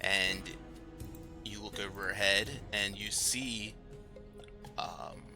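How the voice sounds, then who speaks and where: A man narrating as game master of a tabletop game, rambling with many pauses. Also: lowish voice, flat delivery, gravelly. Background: music.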